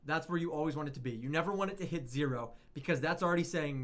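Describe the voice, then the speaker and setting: A man's voice: on the high side, fast. A man giving a casual, rambling lesson on music production, often correcting himself as he goes. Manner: chatty, rambling, self-correcting.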